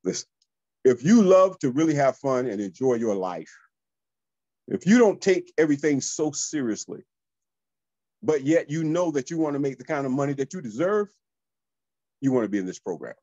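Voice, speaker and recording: A man, a real estate coach telling motivational stories to listeners in a lively, high-energy way. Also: normal speed, pauses often, dry recording, muffled recording. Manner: high-energy, animated, addresses listeners as y'all. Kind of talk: motivational storytelling.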